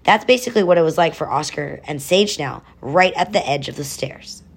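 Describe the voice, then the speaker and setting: A woman's voice: low voice, lively intonation, brisk, creaky, breathy edge. A woman narrating a children's adventure story, adding chatty explanatory asides.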